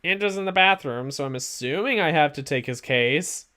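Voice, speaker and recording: A woman's voice: low voice, animated, a bit bright. Chatty woman streaming a game. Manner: chatty, exclaiming, quick asides. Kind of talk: casual let's-play commentary.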